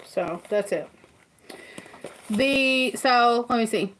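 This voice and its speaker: Chatty Southern woman, slow and rambling. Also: a little high, fairly bright tone, a little hiss or hum. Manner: chatty, rambling, laughs often. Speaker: livestream host. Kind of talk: casual livestream chat. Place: farm home kitchen.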